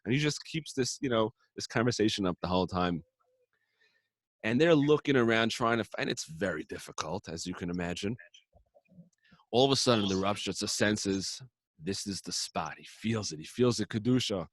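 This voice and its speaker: A man casually telling a story on a podcast, acting out the characters' quotes in lively voices. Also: on the low side, moderate pace, dry recording, studio quality. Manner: animated, acts out characters' quotes. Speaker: podcast co-host.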